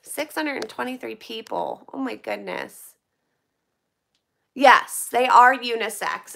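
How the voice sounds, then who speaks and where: With a fairly high voice and some vocal fry, a middle-aged woman from the United States excitedly talks with her live-stream audience while opening donated packages.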